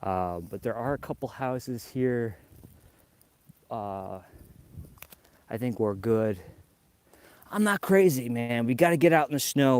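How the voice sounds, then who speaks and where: Slow-talking man walking through snow. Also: medium pitch, no echo. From New York. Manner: rambling, chatty, talks to viewers. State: slightly out of breath. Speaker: livestream host. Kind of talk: casual live vlog walking outdoors. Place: outdoors in deep snow.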